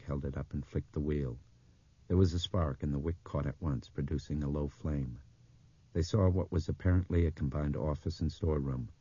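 A very deep, dark male voice with a husky grain, reading an audiobook in a measured, even way. The recording is dry and slightly dull, with no room around it. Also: dry recording. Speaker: audiobook narrator. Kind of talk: audiobook narration.

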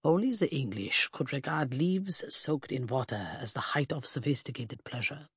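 A reader voicing an arrogant Prussian prince with a German accent, drawling and sneering. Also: male voice, medium pitch, expressive, moderate pace, fairly bright tone, breathy edge, dry recording, studio quality. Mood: disdainful.

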